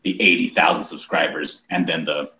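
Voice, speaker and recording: Very deep man in an echoey room. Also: flat delivery, sharp tone. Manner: earnest, measured, making a case. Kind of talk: casual group chat.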